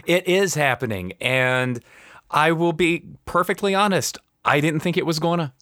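A man co-hosting a podcast, talking in a measured, wry way. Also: on the high side, a bit bright, no room sound, clean studio sound. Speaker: podcast co-host. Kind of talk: casual chat.

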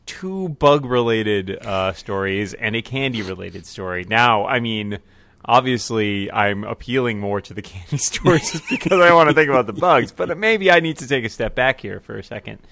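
A man's voice: medium pitch, moderate pace, fairly bright tone, no echo. A man co-hosting a podcast, talking casually in a jokey, rambling way with lots of restarts. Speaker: podcast co-host. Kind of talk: casual chat.

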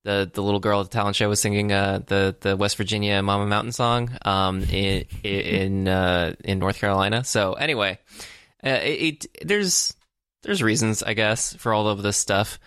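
A man's voice: lowish voice, normal speed, a bit bright, clear, resonant tone, dry recording, clean studio sound. A man co-hosting a casual movie podcast, talking in a rambling, hesitant way with many fillers and restarts. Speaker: podcast co-host.

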